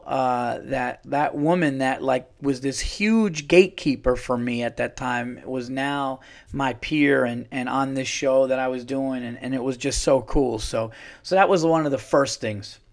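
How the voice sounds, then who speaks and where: A male comedian from New York tells a story in a loose, conversational way. He swears freely and often restarts his sentences. His voice sits at an ordinary middle pitch. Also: steady tone, a little slow. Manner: rambling, profane, with frequent restarts. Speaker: comedian, podcast host. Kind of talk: casual storytelling.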